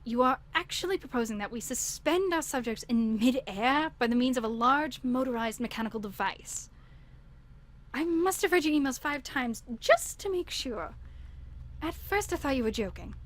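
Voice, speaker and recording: A woman putting on an accent to voice a female scientist reading aloud a letter about a daring idea. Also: high voice. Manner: put-on accent, earnest and wondering.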